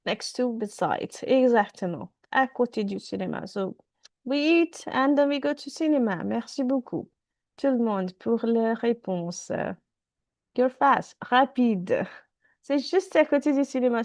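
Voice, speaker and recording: A woman's voice: high voice, animated, measured pace, darkish tone, no echo. A woman teaching French in an online class over a video call, repeating phrases and switching between French and English.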